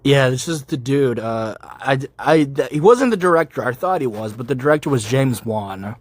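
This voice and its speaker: A man's voice: mid-range voice, normal speed, no room sound. Sarcastic man reading fanfic aloud. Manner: sarcastic, deadpan asides. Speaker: YouTuber reading fan fiction. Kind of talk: comedic reading with reaction commentary.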